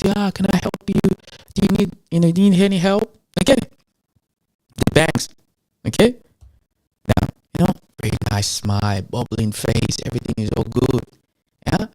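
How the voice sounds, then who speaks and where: A male host with an African accent delivers emphatic commentary straight to his audience. His pitch swings widely from low to high as he fires rhetorical questions and waits for answers. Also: darkish tone. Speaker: show host. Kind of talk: animated ranting commentary.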